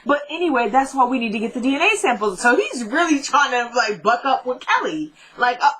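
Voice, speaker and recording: A woman's voice: on the high side, sing-song, brisk, fairly bright tone, rough recording. A woman vlogger chatting casually as she retells a TV episode, with asides and laughs aimed at her viewers. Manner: laughs often, talks straight to her audience. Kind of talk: casual chat.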